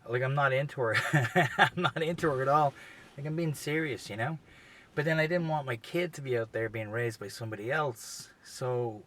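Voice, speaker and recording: Sex: man. Role: podcast host. Style: comedic rambling monologue. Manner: profane, loose, filler-heavy. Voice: bright, middle pitch. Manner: profane, rambling, peppered with "you know".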